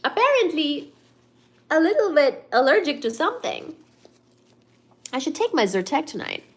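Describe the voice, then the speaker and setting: A woman's voice: high voice, very animated, normal speed. Chatty woman hosting a livestream. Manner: chatty, reads out chat comments, playful singsong. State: a bit stuffed up. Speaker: livestream host. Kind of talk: casual livestream chat with viewers.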